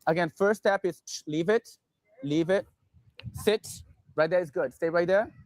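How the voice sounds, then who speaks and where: A man working as a dog trainer, calmly explaining his method and giving short commands to a dog. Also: high-pitched, moderate pace, no room sound. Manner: calm, instructive, gives short commands to a dog.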